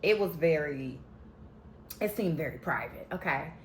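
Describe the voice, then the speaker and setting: In an echoey room with a little hiss or hum, a woman with a deep, animated voice recaps a reality show at an unhurried pace. She's casual, sassy and slangy, giving her candid opinions.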